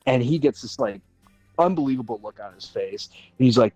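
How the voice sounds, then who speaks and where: A man in his forties from Minnesota, with a voice of ordinary middle pitch, recounts a personal story in casual livestream chat. He swears freely and jumps into the voices of the people in his tale, keeping the telling lively. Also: fast talker, faint music behind. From Minnesota, USA. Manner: animated, swears casually, acts out other people's lines. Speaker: livestream panelist.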